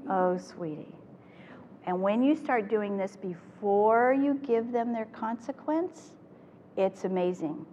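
An older woman presenting a parenting workshop to a live audience, talking in an animated way and acting out the phrases she quotes. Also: a little high, slow pace, lo-fi sound. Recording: echoey hall with faint noise.

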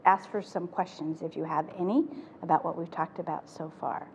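A woman's voice: on the low side, fairly quick, highs cut off. Older woman presenting a parenting workshop. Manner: animated, acts out quoted phrases. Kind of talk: live parenting talk to an audience. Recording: echoey hall with faint noise.

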